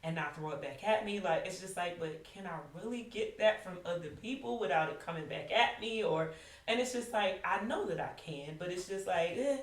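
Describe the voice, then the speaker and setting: A woman's voice: fairly low pitch, expressive, fairly quick. A woman in her thirties, a podcast guest, telling her caregiving story frankly and emphatically, often restarting and repeating phrases. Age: 30s. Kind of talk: candid conversational storytelling. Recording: echoey room, distant mic.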